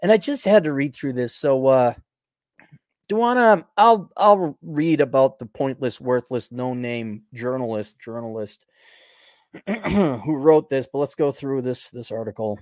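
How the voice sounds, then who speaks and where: A middle-aged man hosts a solo podcast and rambles through his opinions with heavy sarcasm, tripping over restarts and breaking into chuckles. His voice sits at an ordinary pitch and sounds dry and close, with no room around it. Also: lively intonation, unhurried, darkish tone, dry recording. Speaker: podcast host.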